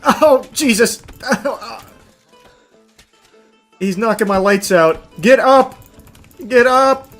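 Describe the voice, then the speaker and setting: A man streaming a game, shouting, swearing and laughing in bursts between dry asides. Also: very high voice, extremely slow, pauses often, faint music behind. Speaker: gaming streamer. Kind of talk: live gameplay commentary.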